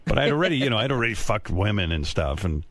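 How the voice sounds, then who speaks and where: Brief: male radio host, rambling profane storyteller, very animated delivery, dry studio sound. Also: on the low side, fast, dry recording. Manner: profane, rambling, self-mocking. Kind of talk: casual storytelling chat.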